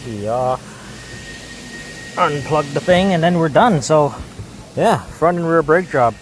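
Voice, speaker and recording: A man's voice: on the high side, expressive, slow, a little hiss or hum. A man working as a mechanic, giving casual how-to narration while he works, rambling and often repeating words and restarting. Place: auto repair shop.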